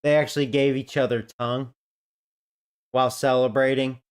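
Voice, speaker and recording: A man's voice: medium pitch, little pitch movement, normal speed, clean tone. A man casually commentating a video game, rambling and joking with frequent laughs. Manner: rambling, jokey, laughs often. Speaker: gaming streamer.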